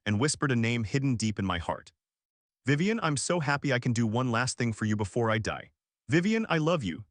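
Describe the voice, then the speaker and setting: Male narrator, earnest steady storytelling, middle pitch, dry close mic. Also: no echo.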